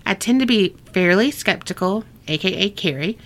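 A woman's voice: mid-range voice, animated, normal speed, fairly bright tone. A woman co-hosting a podcast, reading listener ghost stories aloud in a casual, chatty way and laughing often. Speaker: podcast co-host.

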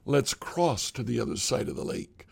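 A man voicing Jesus, a calm, authoritative teacher, in a plain, steady reading. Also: medium pitch, normal speed, creaky, breathy edge, full character voice.

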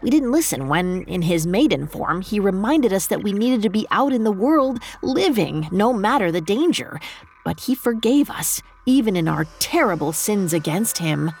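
A woman's voice: medium pitch, very animated, normal speed, a little mellow, breathy edge. A woman voicing a princess turned into a bat, speaking with forced cheer and resignation in a storybook tale. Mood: resigned.

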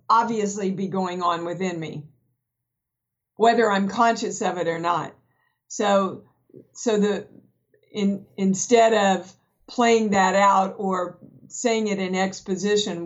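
A woman, a guest actress in a candid podcast conversation, talking frankly and acting out remembered dialogue. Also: medium pitch. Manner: frank storyteller, acts out quoted dialogue. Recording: dull lo-fi podcast audio.

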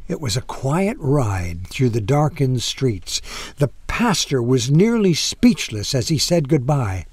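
A man narrating a heartfelt story in a slow, expressive way with dramatic pauses. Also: medium pitch, slightly rough, no echo.

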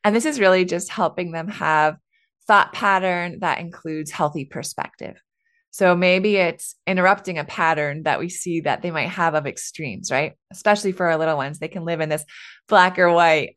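A woman's voice: lowish voice, normal speed, a bit bright. A woman in her thirties hosting a casual solo podcast, chatty and candid, laughing often and sprinkling in "like" and "right.". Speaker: podcast host.

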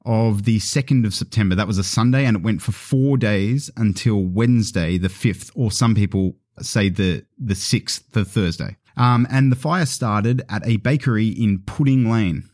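A man's voice: fairly low pitch, normal speed, few pauses, darkish tone. A man with a British accent, a podcast guest explaining history step by step in a casual chat. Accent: British English. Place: studio.

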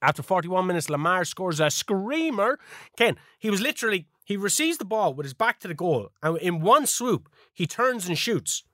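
A high, animated man recapping his wins with cheeky bravado and casual swearing. His voice leaps up and down as he tells the story, and it sounds dry and close to the mic. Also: moderate pace, no room sound. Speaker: podcast co-host. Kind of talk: casual chat recapping a video game season.

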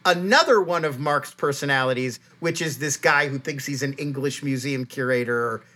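A man co-hosting a casual podcast chat, talking fast and animated with many restarts. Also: mid-range voice. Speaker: podcast co-host.

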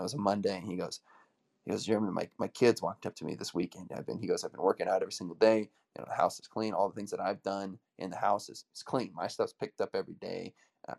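A man's voice: on the low side, creaky. A man coaching an audience in a motivational talk, telling stories energetically and acting out the dialogue. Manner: energetic storytelling, acts out quoted dialogue.

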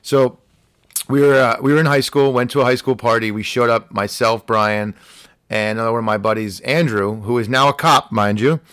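A man's voice: mid-range voice, moderate pace, clean tone, dry recording, studio quality. Man telling a story with energy. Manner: animated anecdote telling, acts out quoted voices. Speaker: podcast guest. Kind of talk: casual storytelling.

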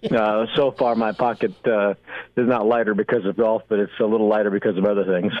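Man on a tinny phone line, relaxed, rambling, dry. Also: lowish voice, a little fast, dry recording. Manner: rambling, relaxed, frequent fillers. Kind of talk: casual radio call-in chat.

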